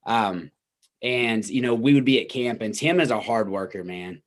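A male podcast host with a low voice speaks in a laid-back, encouraging way. He talks to his guest in a loose, conversational interview style. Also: normal speed. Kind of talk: casual interview.

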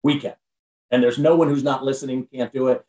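A man's voice: medium pitch, steady tone, brisk, mellow. A man talks as a guest on a podcast, full of preachy, motivational energy, stumbling over and restarting his words as he pushes forward. His voice sits a little back from the mic in a roomy, echoing space. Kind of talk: casual podcast conversation. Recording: roomy sound from far off the mic.

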